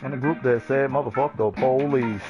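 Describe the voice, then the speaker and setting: Brash cursing man over loud music. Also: medium pitch, fairly even intonation, a little fast, muffled recording. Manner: swaggering, brash, cursing freely. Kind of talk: profane boastful rant.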